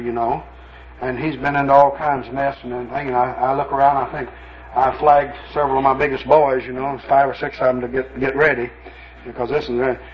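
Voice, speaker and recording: A man's voice: a little high, lo-fi sound. A man, a pastor, telling stories in a folksy, anecdotal sermon. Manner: folksy, anecdotal, lots of "you know". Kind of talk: sermon storytelling.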